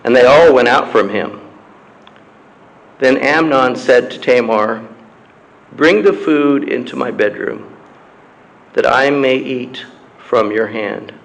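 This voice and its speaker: A man preaching a sermon and reading scripture aloud in a slow, measured way, with long pauses and frequent throat-clearing. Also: medium pitch, poor audio. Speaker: pastor. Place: church.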